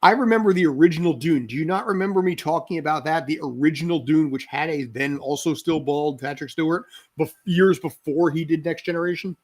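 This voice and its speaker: A man's voice: fairly high pitch, brisk, hardly any pauses, a little mellow. A man in his forties co-hosting a podcast, talking in a rambling, sarcastic way that keeps cutting itself off. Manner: rambling, self-interrupting, sarcastic. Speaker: podcast co-host. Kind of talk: casual chat.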